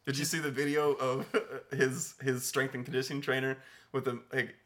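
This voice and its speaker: A man around thirty, co-hosting a podcast in a relaxed, easygoing way. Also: mid-range voice, normal speed. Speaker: podcast co-host. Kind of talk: casual chat.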